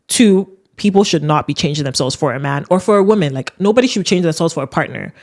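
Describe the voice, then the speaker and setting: A man's voice: high-pitched, quick pace. A man hosting a casual solo podcast, ranting emphatically and filling his talk with "like" and "you know what I mean.". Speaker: podcast host.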